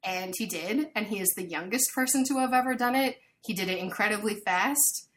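A woman chatting casually, telling an animated story full of fillers. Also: medium pitch, brisk. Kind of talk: casual chat.

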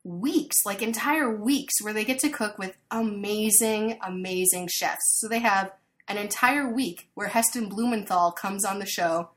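A woman chatting casually, telling an animated story full of fillers. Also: medium pitch, a little slow. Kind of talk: casual chat.

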